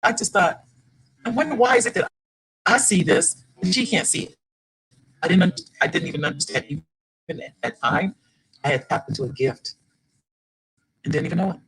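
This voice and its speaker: An older woman, a grandmother, telling a story to an audience about writing her first children's book, animated and rising with excitement. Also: fairly low pitch, normal speed, long pauses, husky, rough recording. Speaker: guest speaker, children's book author.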